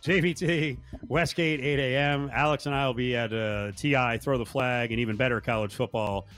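A man's voice: medium pitch, steady tone, a bit bright, clear, resonant tone, soft background music. Jokey male sports radio host. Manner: jokey, wraps segments quickly.

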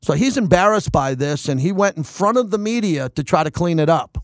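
Emphatic, excitable sports radio host, man. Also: sits high, brisk, no room sound, clean studio sound. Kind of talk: sports talk monologue.

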